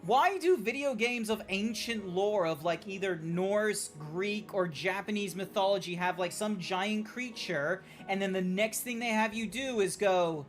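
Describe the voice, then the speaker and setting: A man's voice: sits high, a little slow, few pauses, faint music behind. A young man streaming a game, chatting casually with his viewers in a rambling, joking way, swearing now and then. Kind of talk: casual gameplay streaming chat.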